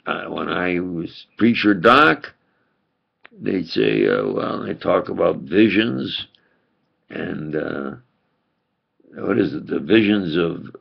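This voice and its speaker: An older preacher with a thick New York accent rambles on in an insistent, emphatic monologue. His voice is heavily gravelly and husky, and he talks at a slow, deliberate pace. The recording sounds dull and lo-fi. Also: deep voice.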